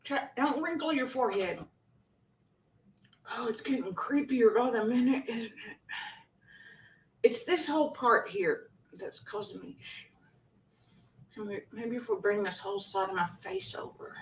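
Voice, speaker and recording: A woman's voice: on the high side, expressive, unhurried, long pauses, reverberant, distant mic, poor audio. A woman hosts a casual live chat, self-mocking and often laughing. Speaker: host of a live chat show.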